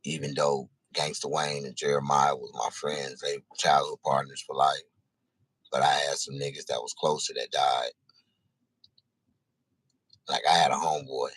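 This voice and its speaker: A man telling a personal story in casual, profane speech, halting and repeating himself. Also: very deep voice, little pitch movement, fairly bright tone, husky, no echo.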